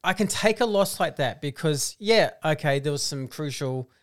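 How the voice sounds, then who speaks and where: Aussie guy talking footy with a mate, bit higher voice, smooth and clear. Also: animated, normal speed. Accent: Australian. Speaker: football podcast co-host. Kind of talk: casual chat.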